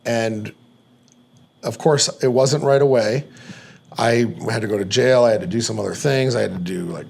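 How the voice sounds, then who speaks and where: A man with a gravelly, fry-edged voice spins a long personal story in loose casual talk, full of "like" and the odd curse word. His pitch sits in an everyday middle range for a man. A faint hiss of noise runs underneath. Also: a little mellow. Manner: rambling, profane, many "like" fillers. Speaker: podcast guest.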